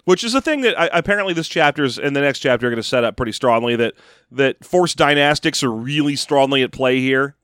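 A man's voice: medium pitch, lively intonation, brisk, a bit bright, clean tone, dry recording. A man co-hosting a podcast, chatting casually with dry, sarcastic jokes. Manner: dry, joking, riffs sarcastically. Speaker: podcast co-host. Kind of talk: casual chat.

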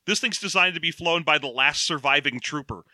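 A man's voice: on the high side, fairly quick, bright, forceful tone, dry recording. A man co-hosting a casual podcast, recapping a story in a joking, rambling way. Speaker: podcast co-host. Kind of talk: casual book-discussion chat.

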